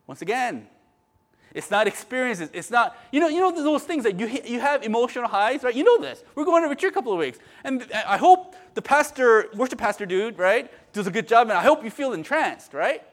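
Very high-pitched and very animated, this middle-aged male pastor talks through his sermon a little fast and in a conversational style. He keeps tacking on "right?" and shifts from hushed asides to loud, forceful outbursts.

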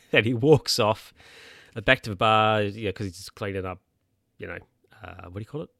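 A man with a lowish voice recaps a story in a loose, rambling way, full of fillers and restarts. The sound is dry and close, with no room around it. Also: moderate pace, vocal fry, fairly bright tone, dry recording. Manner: rambling, hesitant with many fillers. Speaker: podcast recapper. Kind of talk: casual episode recap. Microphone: handheld or desk mic, bumped by hand.

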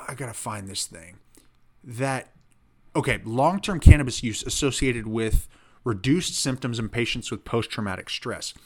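A man hosting a podcast, telling a story in a rambling, animated way with lots of filler words. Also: medium pitch. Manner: rambling, animated, heavy use of "like". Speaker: podcast host. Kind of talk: casual storytelling chat.

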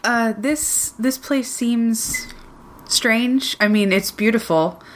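A woman's voice: on the high side, slow, slight background noise. A woman playing a tabletop game, speaking hesitantly with frequent stammers. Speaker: player.

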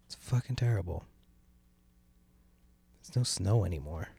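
A man's voice: low-pitched, animated, unhurried, gravelly, dark tone, breathy edge. A young adult man hosting a casual solo podcast, rambling and complaining with lots of swearing and a sardonic edge. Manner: profane, rambling, meandering. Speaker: podcast host. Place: sitting at home by a window.

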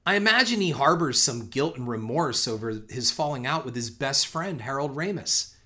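A man's voice: medium pitch, animated, moderate pace, bright, forceful tone. A middle-aged man giving a reflective, conversational film commentary, earnest in tone, who often restarts on repeated words and swears casually.

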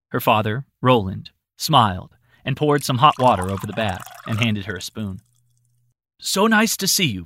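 A man narrating a storybook in an expressive reading voice. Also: fairly low pitch, a little hiss or hum.

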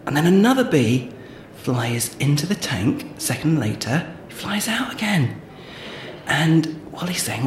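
A man's voice: mid-range voice, big pitch swings. A man co-hosting a podcast, chatty and giggly, telling a long joke. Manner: chatty, giggly, drawn-out storytelling. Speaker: podcast co-host. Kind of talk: playful comedy banter and joke telling. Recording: echoey room with faint noise.

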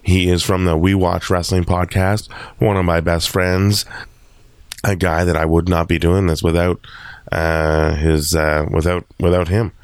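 A man's voice: low-pitched, flat delivery, measured pace, clear, resonant tone, dry recording. A man hosting a podcast, chatting casually and rambling with many fillers and restarts. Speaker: podcast host. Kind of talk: casual chat.

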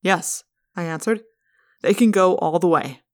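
A woman's voice: lowish voice, measured pace, close to an everyday voice. A woman reading as a literal-minded alien boy. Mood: earnest. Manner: careful, literal, formal cadence. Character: curious earnest alien boy in human form. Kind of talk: fan audiobook reading.

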